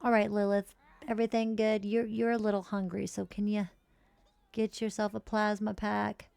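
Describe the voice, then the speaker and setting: A woman streaming live gameplay, chatting casually and cursing freely while voicing her characters in quick high asides. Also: level tone, creaky, darkish tone, smooth, dry recording. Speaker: streamer playing a life-simulation game.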